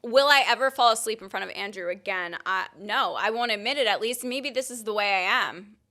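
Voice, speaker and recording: A woman's voice: fairly high pitch, fairly quick, sharp tone. A young woman from Long Island co-hosting a podcast, telling a story in a bubbly voice with frequent laughs. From Long Island, New York. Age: young adult. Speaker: podcast co-host. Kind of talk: casual chat.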